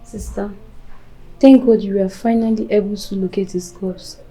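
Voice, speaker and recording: A woman's voice: mid-range voice, fairly even intonation, normal speed, mellow, lightly acted, poor audio. A woman with a Nigerian accent playing a caring sister who soothes and pleads with a grieving widow. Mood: consoling. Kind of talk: Nollywood film acting.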